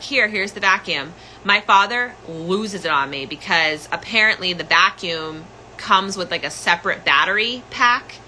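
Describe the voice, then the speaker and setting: A woman's voice: fairly low pitch, sharp tone, slight background noise, poor audio. A young woman hosting a podcast, telling a personal story in a rambling, casual way full of "like" and "um". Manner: rambling, filler-heavy, full of "like" and "um". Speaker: podcast host.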